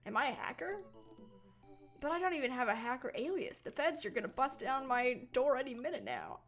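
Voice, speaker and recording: A woman's voice: high voice, big pitch swings, a little fast, soft background music. A young woman playing a dating game, reading the text aloud with playful, swearing asides. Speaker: gaming streamer. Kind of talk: let's-play commentary and reading game text.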